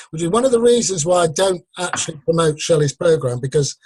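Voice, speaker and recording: A man's voice: a little high, animated, fairly quick, a little mellow, breathy edge, no room sound. An English man chatting and teasing others on a group video call. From England. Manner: joking, teasing. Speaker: meeting participant. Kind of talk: casual group call chat.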